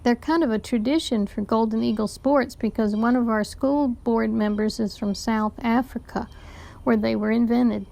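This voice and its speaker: A woman teacher reading a children's novel aloud to a class, with lively storytelling narration. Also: a little high, normal speed, creaky.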